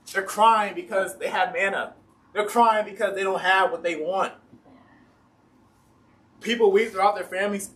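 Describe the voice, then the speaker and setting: Higher-voiced man preaching in church. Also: fairly bright tone, distant mic. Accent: Ohio. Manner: casual, voices complaining Israelites and God in everyday speech. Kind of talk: sermon. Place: church sanctuary.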